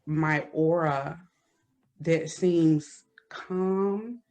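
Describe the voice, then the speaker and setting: A woman with a very low voice speaks slowly, in country-sounding speech. Her throat is a little hoarse, and she chats casually as a guest. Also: a little mellow. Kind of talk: casual chat.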